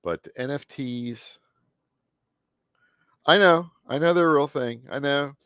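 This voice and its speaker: A man's voice: medium pitch, slow pace, fairly bright tone, smooth, dry recording, studio quality. A man with a scratchy voice chatting casually as he paints on a live stream, often muttering to himself and trailing off mid-sentence. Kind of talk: rambling live-stream chat while painting.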